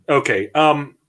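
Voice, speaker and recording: A man's voice: fairly high pitch, bright, forceful tone. A man hosting a casual political discussion, talking bluntly with many fillers and false starts. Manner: rambling, blunt, frequent restarts and fillers. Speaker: podcast host.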